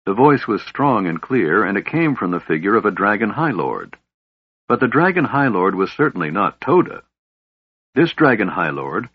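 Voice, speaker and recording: A man's voice: lowish voice, breathy edge, no echo. A man narrating a fantasy audiobook expressively. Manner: expressive storytelling. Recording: dull lo-fi audiobook recording.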